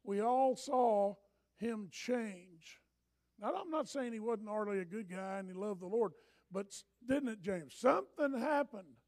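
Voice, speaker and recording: An older man preaching a sermon as pastor, telling stories and swinging from hushed asides to loud urging. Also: sits high, measured pace.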